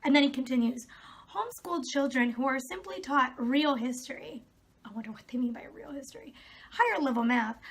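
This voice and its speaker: A young woman vlogging, reading out comments and answering them in a sarcastic, exasperated way. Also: high voice. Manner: exasperated, sarcastic, laughs often. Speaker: video creator.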